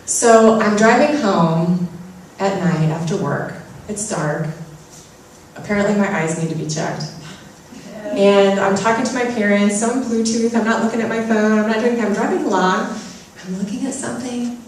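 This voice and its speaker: A woman's voice: mid-range voice, moderate pace, slight background noise. A woman giving an inspirational talk to an audience, telling personal stories with self-deprecating humor. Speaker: spiritual talk speaker. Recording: very echoey room, far from mic.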